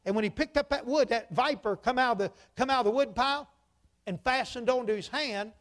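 A man's voice: extremely high pitch, a little fast. A man preaching a sermon. He tells folksy stories, repeats "he said", and builds to emphatic points. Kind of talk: sermon storytelling.

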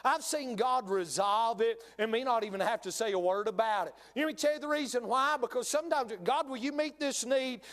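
A man's voice: very high-pitched, brisk, few pauses, a bit bright, big-room sound. A middle-aged man preaching a sermon in a church, folksy and repetitive, with many "uh" fillers and sudden emphatic bursts. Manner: folksy, repeats phrases, frequent "uh" fillers, rising emphatic bursts. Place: church sanctuary.

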